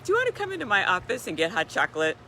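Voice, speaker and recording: A woman's voice: medium pitch, huge pitch swings, racing, slight background noise, pitched above the performer's own voice, heavily acted. A woman quoting a kindly school counselor. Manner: gentle, coaxing.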